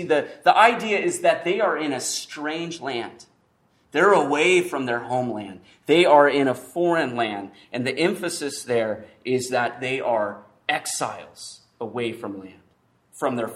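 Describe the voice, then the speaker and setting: A man preaching a sermon, with emphatic pauses and frequent restarts. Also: fairly high pitch, fairly bright tone. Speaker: pastor.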